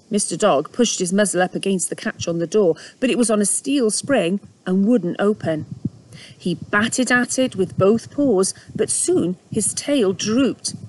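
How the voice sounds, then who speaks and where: A woman's voice: medium pitch, expressive, a little slow, a little mellow, poor audio. A woman reading a children's book aloud at home, narrating expressively with small asides. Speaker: storyteller.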